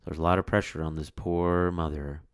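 A man with a low voice reads a picture book aloud and stops for chatty, casual commentary. The recording is dry and close, with no room sound. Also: flat delivery, normal speed, clean tone, dry recording. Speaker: book reviewer and reader.

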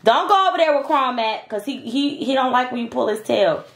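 A woman's voice: high voice, animated, a little fast. A woman making a casual home vlog, coaxing her baby in sing-song baby talk and chatting to viewers at home. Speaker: vlogger and mother. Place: home with wood and tile floors.

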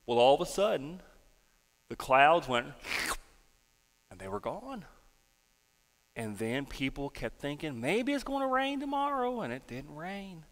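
Animated pastor telling a story. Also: male voice, medium pitch, takes it slowly, long pauses. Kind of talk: children's sermon and prayer. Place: church sanctuary. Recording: reverberant church sanctuary.

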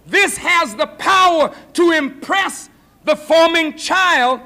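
A man preaching a sermon lecture as minister, shouting for emphasis and acting out the voices of others. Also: very high voice, takes it slowly. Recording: 1980s lecture hall recording.

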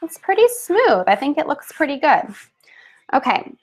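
A woman's voice: high voice, very animated, normal speed, darkish tone. Upbeat chatty woman demonstrating a craft. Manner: chatty and upbeat, with laughs and fillers. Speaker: craft webinar host. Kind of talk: casual live craft demonstration.

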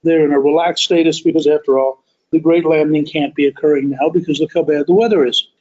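A man hosting a podcast, telling a history story as a deliberate, emphatic monologue that stretches key words. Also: a little high, steady tone, darkish tone, muffled recording. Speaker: podcast host.

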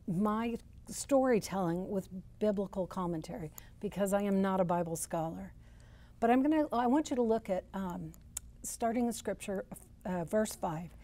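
A woman's voice: mid-range voice, warm tone. A woman therapist giving a church teaching, telling a scripture story and voicing people's thoughts with rising force.

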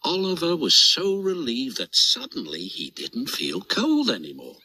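A British man narrating a children's storybook with a lively, expressive reading voice. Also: fairly high pitch, measured pace, breathy edge.

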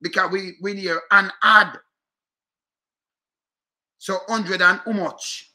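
A man's voice: high voice, fairly even intonation, slow pace, pushed and bright. A man with a Jamaican accent ranting to his viewers, repeating himself and firing rhetorical questions. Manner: repetitive, fired-up, rhetorical questions. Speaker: commentator. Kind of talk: casual rant to viewers.

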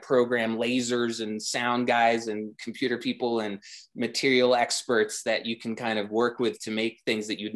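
A man's voice: medium pitch, a bit bright. A man talking as a guest designer in a casual interview, rambling with many restarts and growing enthusiastic.

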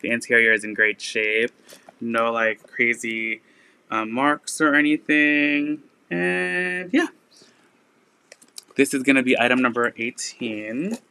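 A man hosting a live resale stream, chatting casually and filling pauses with "like" and "um" while he shows items. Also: mid-range voice, level tone, bright, forceful tone, clean tone. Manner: chatty, lots of "like" and "um" fillers. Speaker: online resale seller.

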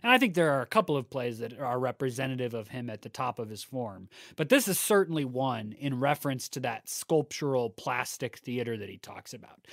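A man's voice: mid-range voice, vocal fry, dry recording, clean studio sound. A man co-hosting a podcast about plays, talking earnestly in casual chat and often restarting his sentences. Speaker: podcast co-host.

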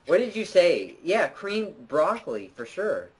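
Goofy excitable young man, lively voice. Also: sits high, unhurried, a little hiss or hum, rough recording. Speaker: channel host. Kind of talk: casual gameplay chat.

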